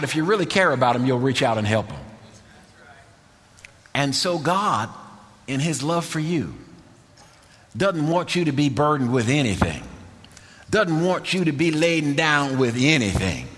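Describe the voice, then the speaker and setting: A man preaching a sermon with call-and-response, swinging between emphatic bursts and slow, soft phrases. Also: a little high, expressive. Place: church sanctuary. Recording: long reverb of a church hall.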